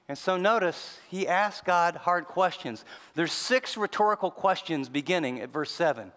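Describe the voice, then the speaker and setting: A male pastor giving a sermon in a conversational style, swinging between soft, low passages and louder, raised lines. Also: expressive, moderate pace. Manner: conversational preaching, acts out quoted voices, shifts between loud and soft. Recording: long reverb of a large hall.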